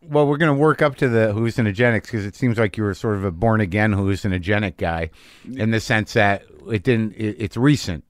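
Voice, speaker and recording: A man's voice: lowish voice, fairly quick, dry recording, studio quality. A man hosting a podcast, chatting casually, cutting in with jokes and swearing freely. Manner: interjecting, swearing, jokey. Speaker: podcast host. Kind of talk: casual conversation.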